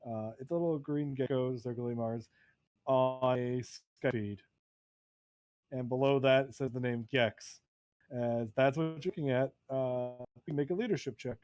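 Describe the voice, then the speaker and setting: A man running a tabletop game as game master, narrating in a halting way with many fillers. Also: medium pitch, steady tone, a little mellow, no room sound.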